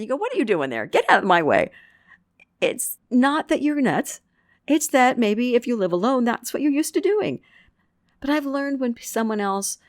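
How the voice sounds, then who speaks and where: A middle-aged woman hosting a self-help podcast, talking casually and upbeat, acting out quoted self-talk with big swings in pitch. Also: no echo, studio quality. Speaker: podcast host.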